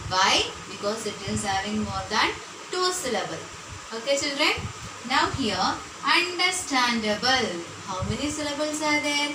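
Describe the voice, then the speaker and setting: A woman, teaching a grammar lesson to children in a patient way, repeating words slowly and checking in often. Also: high voice, expressive. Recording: echoey room, voice from far off, noisy background.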